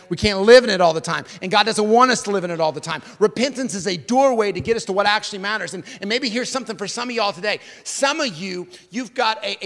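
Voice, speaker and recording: A high-voiced man in his forties delivers a sermon from the pulpit. He is emphatic, pressing his points through repetition and lurching from loud declarations to hushed, intimate lines. His voice rings out in a hall with a long reverb. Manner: emphatic, swinging from loud declarations to hushed near-whispers, repeats key words. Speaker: pastor.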